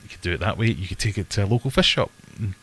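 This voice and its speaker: Guy with a deep voice, chatty and rambly, live chat from his desk webcam. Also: expressive, rapid-fire, a bit bright, slightly rough. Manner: chatty, self-deprecating, rambling asides. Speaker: livestream host. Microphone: desk webcam setup.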